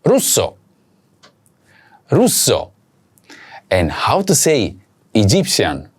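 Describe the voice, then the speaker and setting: A man teaching a recorded language lesson, saying each word slowly and repeating it for learners to practise. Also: lowish voice, huge pitch swings, slightly rough.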